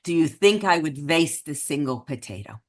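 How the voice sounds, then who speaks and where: A woman's voice: low-pitched, lively intonation, moderate pace, pitched below the performer's own voice. A woman voicing an elderly, thrifty survivor grandmother in a put-on Eastern European accent, blunt and matter-of-fact. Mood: doting, blunt. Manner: warm, matter-of-fact, calls listener "Mamala".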